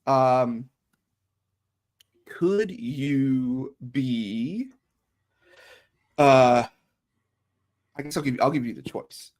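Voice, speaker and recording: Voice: medium pitch, very slow, pauses often, a little mellow. A player in a tabletop game chatting casually, rambling with many fillers and restarts. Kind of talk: casual chat between players.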